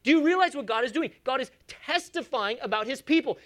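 A woman's voice: sits high, animated, quick pace, hardly any pauses, fairly bright tone. A woman preaching a sermon in a church, emphatic and coaxing her congregation along.

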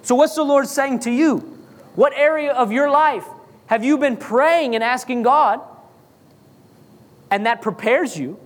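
A pastor preaches emphatically, asking the congregation question after question and hammering points through repetition. His voice sits high for a man. The sound carries a long reverb, as in a large church hall. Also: measured pace, pauses often. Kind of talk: sermon.

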